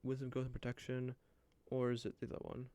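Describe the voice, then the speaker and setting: A man streaming live, musing aloud and muttering to himself with halting restarts as he builds a character. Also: medium pitch, completely flat delivery, dark tone, dry recording. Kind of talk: musing aloud while looking things up.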